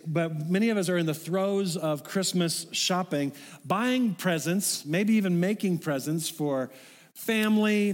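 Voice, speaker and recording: A middle-aged male pastor delivers his sermon in a relaxed, conversational manner, checking in with the congregation as he goes. His voice sits a little high for a man. The sound carries a long reverb from the church sanctuary. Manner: conversational, folksy, with asides to the congregation.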